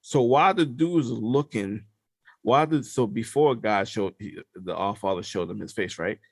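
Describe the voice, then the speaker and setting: Gravelly low-voiced man telling a story. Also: normal speed, no room sound, clean studio sound. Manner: animated storyteller, slangy, drops to hushed tones. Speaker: podcast co-host. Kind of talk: casual storytelling chat.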